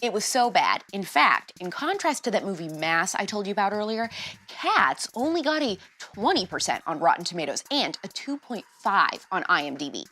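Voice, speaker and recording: A woman hosting a show, giving sarcastic pop-culture commentary in a quick, punchy way. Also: mid-range voice, sing-song, bright, forceful tone. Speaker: show host. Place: state of Arizona.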